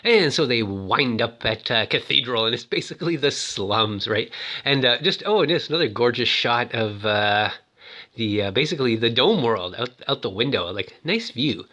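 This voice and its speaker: Chatty man with a lively, bright voice. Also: mid-range voice, normal speed, lo-fi sound. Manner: rambling, chatty, acts out quoted lines. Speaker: movie recap host. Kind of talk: casual film recap commentary.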